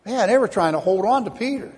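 A man's voice: sits high, expressive, fast talker, a little mellow. A man preaching a sermon as a pastor, telling stories and acting out the voices of the people in them. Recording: long hall reverb.

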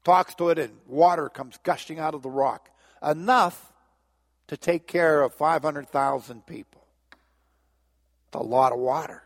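Animated male preacher in a reverberant hall. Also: a little high, a little slow, long pauses. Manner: animated storytelling, repeats "and, and". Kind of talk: sermon.

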